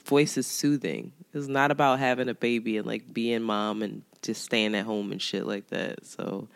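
A woman, hoarse and gravelly from being sick, co-hosting a casual chat with blunt, profane teasing. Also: a bass voice, steady tone, normal speed, no echo. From Philadelphia. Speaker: podcast co-host. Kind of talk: casual chat between friends.

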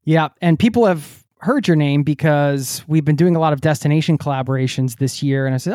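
A man's voice: fairly high pitch, a little fast, hardly any pauses, darkish tone, no room sound, studio quality. A man hosting a travel podcast, enthusiastic and chatty. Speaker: podcast host.

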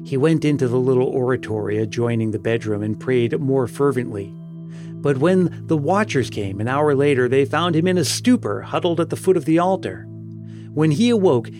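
A man narrating an audiobook tale in a measured, solemn storytelling manner. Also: medium pitch, expressive, a little mellow. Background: music.

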